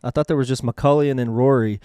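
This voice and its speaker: Man co-host, smooth voice. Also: mid-range voice, fairly even intonation, quick pace, dark tone, no room sound, clean studio sound. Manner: chimes in with corrections and jokes. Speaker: podcast co-host. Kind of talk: casual chat.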